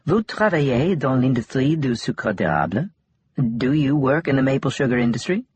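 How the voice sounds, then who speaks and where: A polite, formal female broadcaster from Quebec, as a man puts her on, reading her report in measured news tones. The voice is husky and breathy, recorded close and dry. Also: medium pitch, lively intonation, a little mellow, no room sound.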